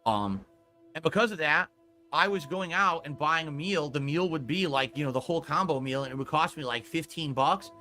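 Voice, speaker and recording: A man's voice: fairly high pitch, animated, moderate pace, sharp tone, faint music behind. A man streaming, scolding a viewer in a profane, emphatic rant.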